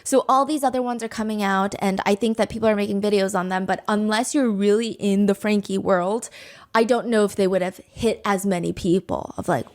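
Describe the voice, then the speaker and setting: A woman's voice: mid-range voice, fairly even intonation, a little fast, a little mellow. A woman hosting a reaction commentary show, speaking in an indignant, sarcastic, conversational way. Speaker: commentary host.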